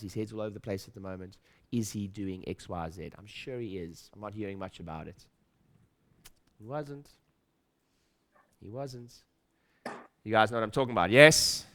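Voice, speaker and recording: His voice lowish yet fairly bright, clear, and resonant, a middle-aged man gives a motivational talk on stage at a practice-building seminar. He hammers points home through repetition, acts out the skeptical voice in his head, and puts questions to the audience.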